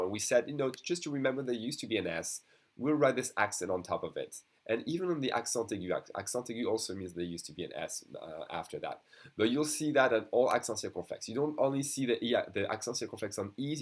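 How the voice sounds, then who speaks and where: A low-voiced man whose mother tongue is French teaches a beginners' class in English. He speaks at a patient pace and repeats each French word so the students can follow. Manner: explains slowly, repeats French words for students. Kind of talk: beginner language lesson.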